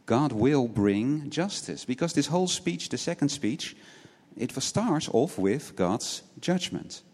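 With an expressive, husky, darkish mid-range voice, a man preaches earnestly at a measured pace. Words repeat as he restarts, and many points end with a rhetorical "right?" Long reverb from the hall follows him.

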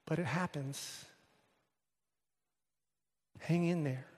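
A man's voice: a little high, steady tone, very slow, darkish tone. A male pastor preaching a sermon, telling a story with emphatic repetition. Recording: long hall reverb.

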